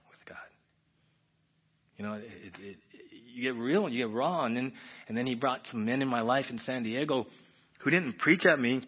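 A male pastor preaching a conversational, emotional sermon. He swings from hushed whispers to loud, emphatic bursts, with frequent restarts. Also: mid-range voice, normal speed, breathy edge. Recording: dull, muffled recording.

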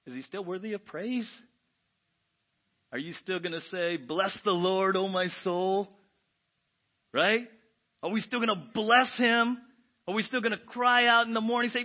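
A man preaching a sermon as pastor, animated and often asking the congregation "right?". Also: high voice. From United States. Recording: dull lo-fi church audio.

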